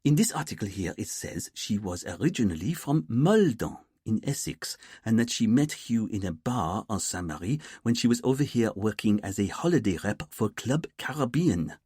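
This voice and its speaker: A man voicing a young female detective sergeant who speaks quickly, eagerly and matter-of-factly. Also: fairly low pitch, sing-song, darkish tone, breathy edge, no room sound, studio quality. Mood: brisk.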